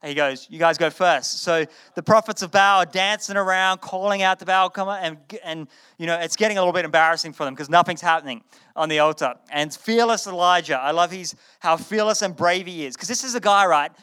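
A man preaching a sermon to a live audience, retelling a story in a conversational, animated way and often repeating his words. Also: high voice, fairly quick, clear, resonant tone.

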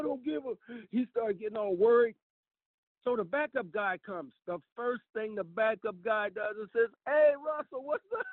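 A man's voice: high voice, no echo. A man casually telling a personal story as a caller, acting out the dialogue and calling the listener "brother". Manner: animated, addresses the listener as "brother", acts out dialogue. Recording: tinny, dry phone line.

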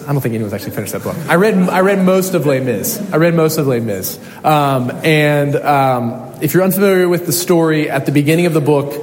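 A man's voice: mid-range voice, a little mellow. A young adult man preaching a sermon as a pastor, telling a story earnestly with frequent ums and restarts. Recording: echoey hall, faint noise.

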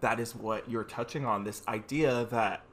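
A man's voice: medium pitch, moderate pace, fairly bright tone. A man hosting a reflective conversation, thoughtfully summing up and rephrasing what his guest says. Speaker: host.

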